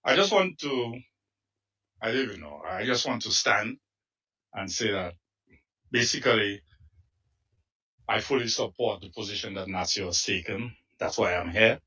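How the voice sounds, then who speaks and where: A man's voice: on the low side, animated, normal speed, long pauses, sharp tone, breathy edge. A man speaking as a supporter at a protest, earnest after a hesitant start. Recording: dull, distant mic.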